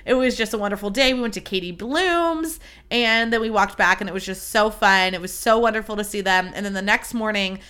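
Young girl podcasting solo, bubbly and sweary, bright crisp voice. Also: medium pitch, fairly quick. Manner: bubbly, gushing, swears freely. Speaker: podcast host. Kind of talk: casual solo podcast chat.

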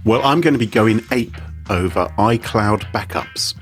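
A man's voice: fairly low pitch, normal speed, faint music behind. A man from Britain co-hosting a podcast, chatting in a playful, jokey and theatrical way. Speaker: podcast co-host. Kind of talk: casual podcast chat.

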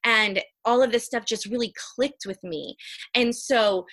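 A woman, likely in her thirties, talking animatedly and earnestly as a guest in a casual interview. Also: measured pace. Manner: high-energy, animated, earnest. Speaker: human design reader, podcast guest.

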